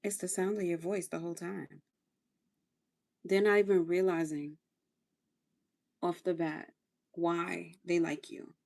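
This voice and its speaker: A woman's voice: fairly low pitch, level tone, a little slow, vocal fry, long pauses, a little mellow. A woman hosting a casual livestream, chatting through her skincare routine in a coaching tone and repeating phrases for emphasis. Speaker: livestream host.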